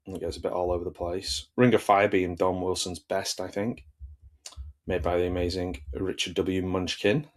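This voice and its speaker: A man chatting casually as a film reviewer, rambling and enthusiastic, with jokey asides. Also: low-pitched. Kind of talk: casual chat.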